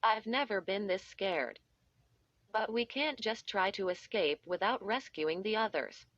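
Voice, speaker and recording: A scared but determined boy read by a woman, speaking quietly and earnestly at a slow pace. The recording is dry and a bit dull. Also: mid-range voice, dry recording. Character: frightened but resolute boy.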